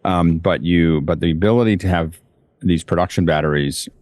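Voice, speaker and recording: A man's voice: sits low, moderate pace, darkish tone, dry recording. A man on a tech podcast panel, chatting casually about gear in a rambling way with many restarts.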